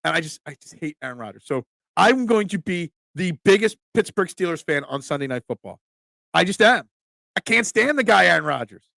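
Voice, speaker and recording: This Delco-accented host, a middle-aged pizza shop owner from Delaware County near Philadelphia, rambles bluntly about sports and responds to chat. His high voice swings widely in pitch, moving briskly with vocal fry and a pushed, bright quality, in a dry recording.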